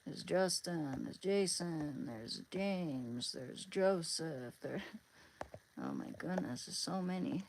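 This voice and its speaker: A woman's voice: fairly low pitch, lively intonation, slow pace, darkish tone, slight background noise, rough recording. A woman live streaming, chatting casually with viewers in a rambling, hesitant way, often searching for words.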